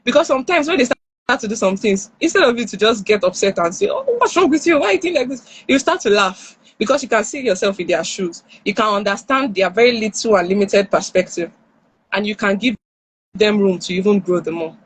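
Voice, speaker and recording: Nigerian lady talking parenting on a live stream, lively, slips into voices, kinda husky, dry close sound. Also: mid-range voice, fairly quick, no echo, poor audio. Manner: animated, acts out parent and child lines. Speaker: parenting speaker. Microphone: phone or headset on a live stream.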